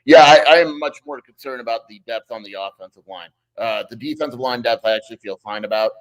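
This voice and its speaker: A man's voice: mid-range voice, fast, rough recording. A man co-hosting a live sports talk show, blunt and matter-of-fact.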